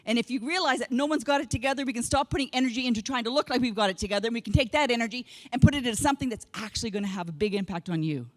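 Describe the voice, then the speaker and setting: A woman's voice: a little high, very fast, hardly any pauses, in a large hall. A middle-aged woman delivers a motivational keynote with plenty of humour. She tells her stories bluntly and candidly and slips in the odd swear word. She speaks throughout. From Canada. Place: conference room with a live audience.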